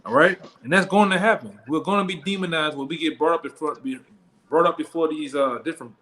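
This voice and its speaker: A man's voice: a little high, quick pace, sharp tone. A man leading a Bible study in blunt, profane street talk, tagging his lines with "man" and "all right?". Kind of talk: street-style scripture teaching.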